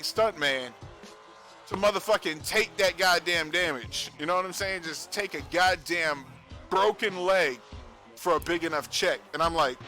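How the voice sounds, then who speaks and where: Man, livestream chat, bright forceful voice, slightly high, profane and animated, faint music behind. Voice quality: profane, animated storytelling with frequent laughs. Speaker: streamer. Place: home streaming setup.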